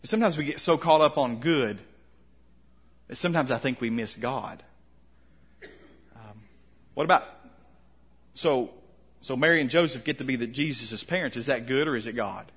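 A man preaching a conversational sermon, asking questions and letting his voice drop soft at the ends of lines. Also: mid-range voice, normal speed, long pauses, husky. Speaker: pastor.

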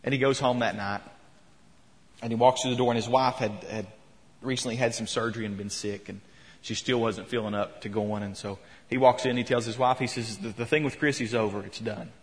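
Male pastor, mid-pitched voice, storytelling sermon, church with long reverb. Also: fairly even intonation, fairly quick. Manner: storytelling, retelling quotes with rising emphasis. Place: church sanctuary.

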